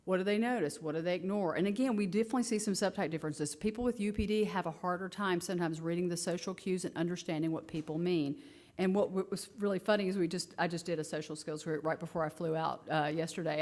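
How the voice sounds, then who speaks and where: A woman presenting research to parents in a casual, conversational conference talk, full of fillers and animated asides. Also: fairly low pitch. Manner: animated storytelling, acting out quoted kids and herself; casual and conversational, many fillers like "you know" and "like".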